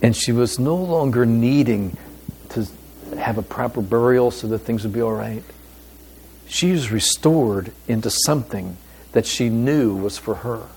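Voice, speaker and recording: A man preaching a sermon as pastor, with a deliberate, emphatic delivery and pauses. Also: mid-range voice, a little mellow, slight background noise.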